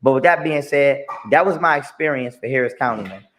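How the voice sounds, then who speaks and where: A man's voice: mid-range voice, brisk, a bit bright, slight background noise. A man in a played clip ranting emphatically about his own experiences, repeating himself and swearing often. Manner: emphatic, repetitive, profane. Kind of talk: ranting monologue.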